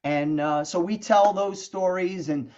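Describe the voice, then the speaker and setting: This middle-aged songwriter, appearing as a guest, swaps stories in a laid-back interview, animated and chatty, with frequent "you know" and "man." He speaks in a high voice at a slightly slow pace, captured on muffled lo-fi audio.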